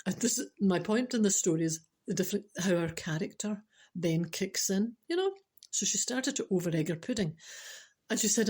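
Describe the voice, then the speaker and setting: A middle-aged Scottish woman tells a funny everyday anecdote, her voice sitting at an ordinary middle pitch. She talks in an animated, exclamatory way and jumps into little acted-out quotes. It comes across as warm-hearted spiritual storytelling. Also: moderate pace, husky. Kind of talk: humorous anecdote told to a listener.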